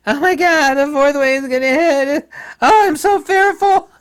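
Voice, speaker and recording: A man's voice: a little slow, a bit bright. A man mimicking a shrieking panicky woman. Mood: mock panic. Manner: mocking, exaggerated high-pitched wailing.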